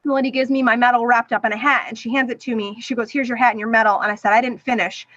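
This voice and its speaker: Bright high-voiced woman telling her story. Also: racing, no echo. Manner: animated, acts out quoted voices. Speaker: guest. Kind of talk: emotional personal storytelling. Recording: dull, dry sound.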